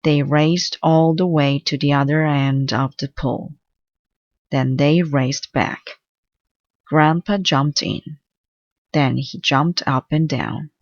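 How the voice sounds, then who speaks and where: Woman narrator for a kids' picture book, unhurried, dry close sound, slightly muffled. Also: deep voice, no echo. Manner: slow, clear read-aloud delivery. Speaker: storybook reader. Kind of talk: reading a children's book aloud.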